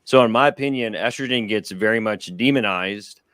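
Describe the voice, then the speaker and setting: A man's voice: fairly low pitch, normal speed, a bit bright, clean tone, dry recording, studio quality. A man explaining a health topic in a casual, matter-of-fact way during a group chat stream. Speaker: guest doctor.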